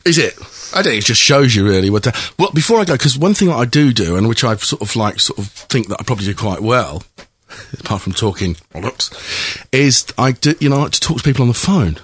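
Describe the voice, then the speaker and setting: A man's voice: medium pitch, expressive, fairly quick, a bit bright, slightly rough, no room sound. A man hosting a podcast, chatting casually with rambling, jokey banter. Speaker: podcast host. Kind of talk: casual comic chat.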